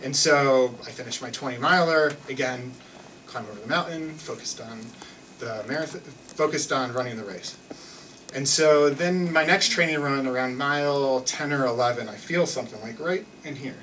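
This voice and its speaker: A man's voice: mid-range voice, moderate pace, fairly bright tone, far from the mic, a little hiss or hum, low-quality recording. A young man telling a personal story on stage in a loose, self-mocking way, full of restarts and fillers. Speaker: live storyteller. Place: theater stage with an audience.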